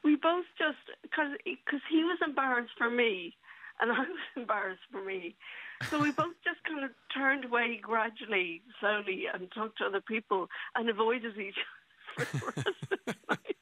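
A woman writer telling a lively anecdote in a radio interview, acting out the dialogue. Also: on the high side, moderate pace, no room sound. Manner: lively storyteller, acts out the dialogue. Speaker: guest writer. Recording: tinny phone-like line.

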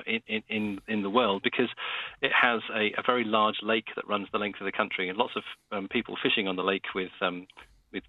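Male academic guest, low-pitched, halting explainer, dry slightly muffled line. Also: no echo. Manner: halting, many restarts, explanatory. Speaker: meteorology professor guest. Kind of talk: radio interview explanation.

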